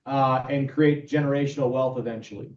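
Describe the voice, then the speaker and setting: A man's voice: mid-range voice, steady tone, a little fast, a little mellow. A man, a guest on a business podcast, explaining things practically, with fillers. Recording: dull, roomy, distant mic.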